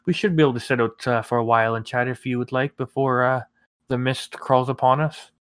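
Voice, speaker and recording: A man's voice: medium pitch, fairly even intonation, clean tone, no room sound, natural voice. A man doing a weary old sea captain. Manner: drawn-out sighing "ah" openings. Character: weary middle-aged male ship captain, polite, wry.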